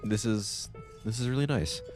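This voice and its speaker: A male streamer giving chatty, animated commentary while playing a game, breaking into laughing rants. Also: fairly low pitch, moderate pace, over music. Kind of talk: let's-play commentary.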